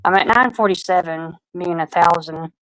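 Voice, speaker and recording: Woman, soft-spoken, low voice, live-stream chat, stop-start rambling. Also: moderate pace, dry recording, low-quality recording. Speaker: streamer guest.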